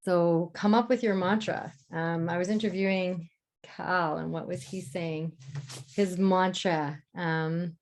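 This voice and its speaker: Gentle woman teaching a live class. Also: on the low side, fairly even intonation. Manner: gentle, encouraging, speaks mantras softly and slowly. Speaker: love mentor and masterclass host. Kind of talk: live online masterclass teaching.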